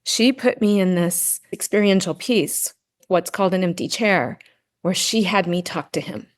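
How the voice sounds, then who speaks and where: A woman's voice: on the low side, moderate pace. A middle-aged woman, a podcast guest, telling a personal story earnestly in casual conversation and often adding "right?" to check in. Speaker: podcast guest, grief and Gestalt practitioner.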